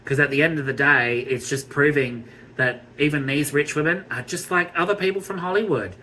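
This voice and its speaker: An Australian man giving a blunt, scornful TV review rant, swearing freely and filling pauses with ums. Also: on the high side, pushed and bright, a little hiss or hum, low-quality recording. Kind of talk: ranting review vlog.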